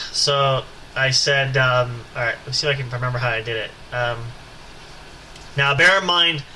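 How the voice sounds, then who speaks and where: A man hosting a podcast tells a long story in a loose, casual way with many fillers and asides. His mid-range voice is pushed and bright at a normal pace, and the low-quality recording has slight background noise.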